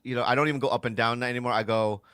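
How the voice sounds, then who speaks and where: Bright-voiced joking man in his forties. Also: medium pitch, steady tone, no echo, clean studio sound. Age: 40s. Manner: rambling, joking, drawn-out storytelling. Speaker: podcast co-host. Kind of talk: comedic casual chat.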